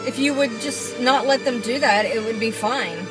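A woman's voice: on the high side, normal speed, over loud music, poor audio. A woman driving and filming, ranting at other drivers with sarcastic, swearing mutters. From Florida. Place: inside a car on the road. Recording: car cabin with road noise.

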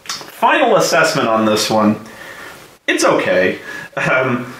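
A young adult man hosting a casual, profane game review rant, animated and swearing freely. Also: mid-range voice, slow, roomy sound, slight background noise, rough recording. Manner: animated, swears a lot, shouts in excitement. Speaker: show host reviewing a game.

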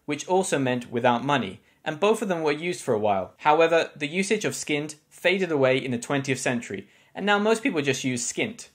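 A man with a British English accent, an English teacher giving a scripted slang lesson with clear explanations and wry asides. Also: medium pitch. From England.

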